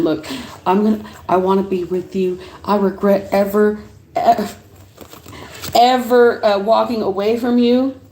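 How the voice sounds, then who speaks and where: Woman reading tarot on a livestream, talky and loose, cusses a lot, mid-pitched, bit of room echo. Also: slight background noise. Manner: chatty and animated, laughs often, swears casually. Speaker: tarot reader. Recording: roomy echo.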